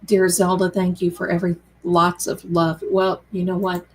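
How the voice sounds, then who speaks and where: A woman's voice: fairly low pitch, monotone, moderate pace, a little mellow, poor audio. A woman hosting a tarot live stream, chatting casually and affectionately with viewers she calls her darlings. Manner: chatty and rambling, reads out viewer comments.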